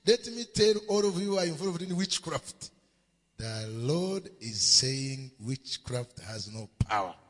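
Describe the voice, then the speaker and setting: A male preacher telling a sermon story, with call and response and emphatic refrains he repeats again and again. His slow delivery swoops high and low, and his voice is husky. The sound carries the long reverb of a large hall. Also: very animated.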